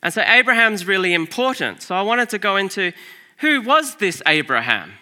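Animated man preaching in a reverberant hall. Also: high voice, moderate pace. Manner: animated storytelling, shifting from loud to hushed. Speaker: pastor. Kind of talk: sermon.

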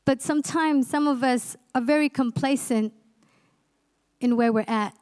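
A woman's voice: sits high, a little slow, darkish tone. A woman in her forties preaching a sermon, passionate and exhorting, asking the congregation rhetorical questions. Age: 40s. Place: church.

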